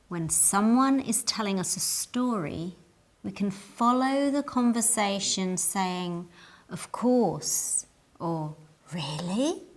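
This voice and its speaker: A woman teaching English in a scripted lesson. She speaks at an extremely unhurried pace and shapes each word with care. Her pitch sits in a middle range. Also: fairly bright tone. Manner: careful, deliberate enunciation.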